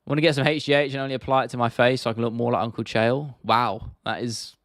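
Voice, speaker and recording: A man's voice: mid-range voice, fairly quick, no room sound, clean studio sound. A young man in his twenties hosting a casual livestream Q&A, laid-back and sweary, often laughing. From United Kingdom. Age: 20s. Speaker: livestream host.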